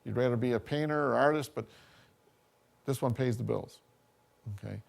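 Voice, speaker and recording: A man's voice: mid-range voice, normal speed, vocal fry. A man giving a college workshop talk, chatty and full of anecdotes, often checking in with "you know" and "okay?". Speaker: workshop speaker.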